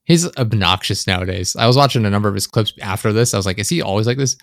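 A young man chatting casually on a podcast, rambling and animated, swearing often, close to his microphone. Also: fairly low pitch, fast talker, vocal fry, dry recording. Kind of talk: casual chat. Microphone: close desk microphone.

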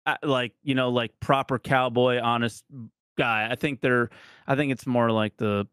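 A man's voice: medium pitch, steady tone, normal speed, fairly bright tone, clear, resonant tone, no room sound, clean studio sound. A man from New Jersey, a streamer guest on a podcast, chatting casually in a rambling, self-deprecating way.

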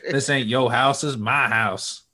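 A man's voice: mid-range voice, steady tone, measured pace, pushed and bright. A man joining a podcast chat who jokes along in an amused way. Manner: amused, joking. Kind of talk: casual chat.

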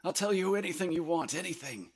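A man voicing a wounded, terrified Frenchman who begs and stammers in a high voice. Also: expressive, quick pace, slightly rough. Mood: begging. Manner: high frantic stammering pleas.

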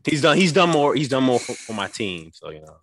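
A man's voice: mid-range voice, very animated, fairly quick, a little hiss or hum. A man co-hosting a sports podcast, bantering in casual talk and often laughing. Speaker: podcast co-host.

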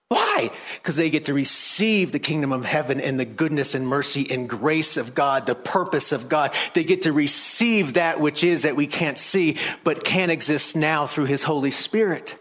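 A man preaching a sermon, animated, rising loud and high to make his points. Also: moderate pace.

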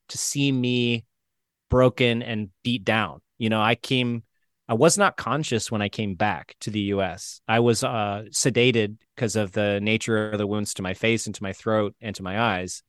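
A man from Florida, an injured veteran, telling his story as an interview guest in a casual, animated way, acting out the quotes. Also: mid-range voice, no echo, studio quality. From Florida, United States. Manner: animated, acts out quotes with shifts in voice.

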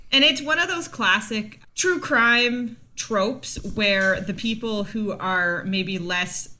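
A woman with a bright, clear voice co-hosts a casual podcast. She is chatty and playful and slips into quick impressions of characters. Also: medium pitch. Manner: chatty, jokey, acts out characters' lines. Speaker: podcast co-host. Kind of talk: casual chat about a TV series.

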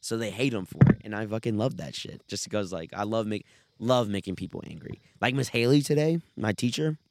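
A young man co-hosting a laid-back podcast with a friend, telling loud stories full of swearing. He laughs often while he talks. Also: fairly low pitch, fairly quick, heavy background noise. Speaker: podcast co-host. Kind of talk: casual podcast chat.

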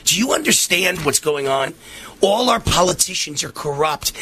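A man's voice: a little high, expressive, moderate pace, breathy edge. Fiery middle-aged male talk radio host. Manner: fiery, impassioned ranting that rises to shouts. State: voice strained from shouting.

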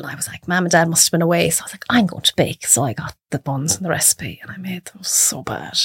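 Irish woman, cook-guest, chatty and animated, slips into voices, dry close sound. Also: medium pitch, no room sound. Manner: animated storyteller who acts out voices. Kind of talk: casual chat.

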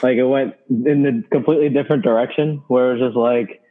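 A man's voice: mid-range voice, fairly even intonation, quick pace. A man co-hosting a podcast, teasing his friend crudely and laughing often in casual banter. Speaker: podcast co-host. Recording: tinny phone-like sound.

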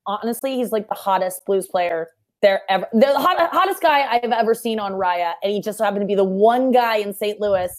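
Animated young woman telling a story. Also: mid-range voice. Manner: animated storyteller, fast and breathless, acts out quotes with loud shouts. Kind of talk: casual chat.

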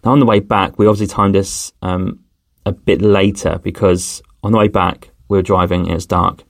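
A man's voice: low-pitched, little pitch movement, moderate pace, vocal fry, no room sound, studio quality. A man telling a casual travel story as a podcast host, rambling with many fillers.

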